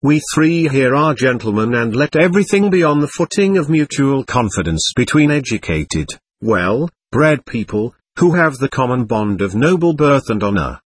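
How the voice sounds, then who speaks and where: A man voicing an excitable, proud nobleman under police questioning, talking on and on in a defiant way. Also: mid-range voice, moderate pace, hardly any pauses, slightly rough, no echo. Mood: effusive. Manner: voluble, defiant, laughing nervously.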